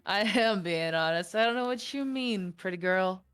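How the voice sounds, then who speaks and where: A woman's voice: medium pitch, normal speed, a bit bright, clear, resonant tone, close to an everyday voice. A woman voicing a cocky male barroom troublemaker who mocks, swears and dodges questions. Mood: mocking. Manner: mocking and evasive, swears.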